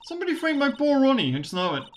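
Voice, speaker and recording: A woman's voice: high voice, big pitch swings, rapid-fire, a little hiss or hum, voice pushed up. A woman voicing a worried young wife who pleads earnestly for her husband's sake, reading game dialogue aloud. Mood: pleading.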